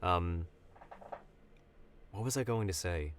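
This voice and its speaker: A man's voice: low voice, expressive, slow pace. A man co-hosting a podcast, chatting casually and playfully and often losing his train of thought. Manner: playful, joking, trails off often. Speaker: podcast co-host. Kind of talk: casual chat.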